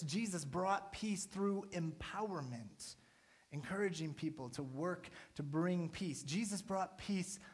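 A man in his thirties, a pastor, giving a casual, chatty sermon to his church and often checking in with "right?". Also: fairly high pitch. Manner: casual, chatty preaching with many "right?" tags.

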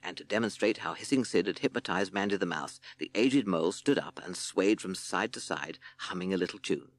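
A man narrating a children's audiobook in an expressive storytelling manner. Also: low-pitched, a little fast, dry recording.

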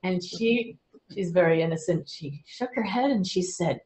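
An older woman, a spiritual medium, calmly and earnestly explaining her practice to a live audience. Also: lowish voice, normal speed, roomy sound, low-quality recording. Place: indoor event room with an audience.

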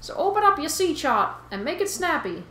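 Woman putting on a know-it-all fish guy, put-on Boston accent, gruff drawl, high and bouncy, roomy echo. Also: sing-song, a little fast, bright, forceful tone, exaggerated voice. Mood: pushy, teasing. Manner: reading game dialogue aloud. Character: brash talking male fish, pushy know-it-all.

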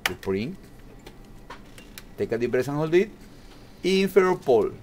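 A man giving a calm, step-by-step ultrasound demonstration in an exam room, with non-native English phrasing. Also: fairly high pitch, unhurried, a little hiss or hum. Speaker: ultrasound instructor.

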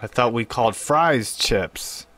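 A man's voice: medium pitch, animated, slow pace, a bit bright, no echo. A man hosting a casual radio show, talking in a rambling, awkward, self-deprecating way. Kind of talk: casual phone interview.

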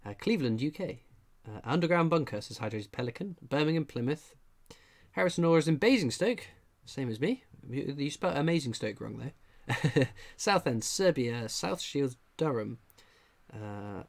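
A man's voice: mid-range voice, lively intonation, normal speed, creaky. Laid-back man reading live chat. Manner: dry, understated humour; frequent filler "uh" while scanning chat. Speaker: livestream host. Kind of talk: casual livestream chat reading viewer comments.

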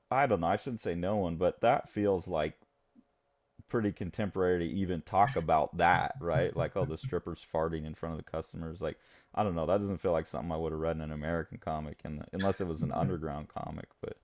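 Male podcast co-host, very deep voice, eager casual talk that slips into character lines. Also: darkish tone. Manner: enthusiastic, acts out characters' lines in quick bursts. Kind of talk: casual chat.

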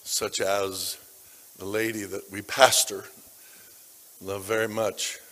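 A male pastor preaches in a lowish, bright voice, drawing his congregation in with personal stories. He drops to a near whisper, then rises to forceful emphasis. The sound carries the long reverb of a large church hall. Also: level tone, slow pace. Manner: dramatic shifts between hushed and loud. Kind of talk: sermon storytelling.

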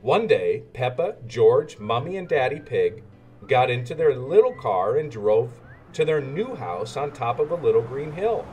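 A man reading a children's storybook aloud in an expressive, sing-song way. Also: mid-range voice, measured pace, husky, faint music behind. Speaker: narrator.

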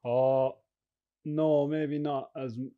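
A man's voice: medium pitch, steady tone, slow pace, no room sound, phone-quality sound. A middle-aged Irish man chatting as a guest on a podcast, rambling through anecdotes and chuckling often. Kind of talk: casual podcast chat.

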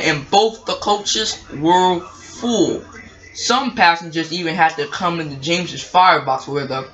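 A woman narrates a toy-train story in a casual, rambling way and often corrects herself. Her voice is bright and lively. The recording sounds dull and lo-fi. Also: on the low side.

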